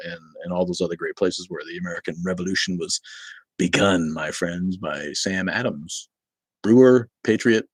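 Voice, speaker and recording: Hosting a laid-back livestream, a Boston man with a low, husky voice wanders from topic to topic, cursing freely and answering comments from chat. There's no room sound in the recording.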